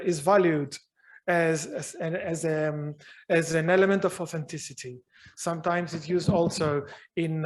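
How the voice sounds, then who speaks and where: A man answers audience questions after a university lecture. His voice sits fairly high for a man, and he thinks aloud, pausing and rephrasing as he searches for the right words. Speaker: guest lecturer.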